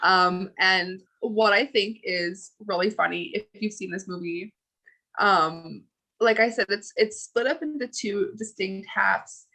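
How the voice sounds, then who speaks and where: A woman's voice: medium pitch, a little slow, sharp tone, low-quality recording. A woman co-hosting a podcast, chatting casually about movies with lots of fillers and giggles. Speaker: podcast co-host. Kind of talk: casual chat.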